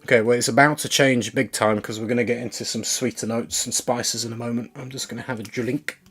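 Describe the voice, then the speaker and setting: A man's voice: mid-range voice, steady tone, a little fast, fairly bright tone, husky. A man chatting casually on a live stream as he works, thinking aloud and talking to his viewers.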